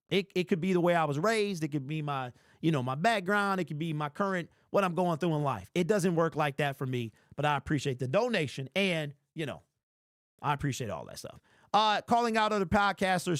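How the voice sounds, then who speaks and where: A man with a high voice hosts a casual fan live stream, reacting to chat in an animated, teasing way. The sound is dry and close. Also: dry recording. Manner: animated, mock-indignant, teasing. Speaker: fan livestream host.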